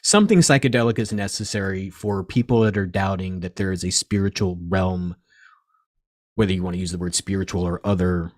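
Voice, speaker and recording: A man, a shop owner telling stories in a casual interview, rambling and animated, swearing often. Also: deep voice, fairly quick, no room sound, clean studio sound. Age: 40s. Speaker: crystal and reiki shop owner, guest.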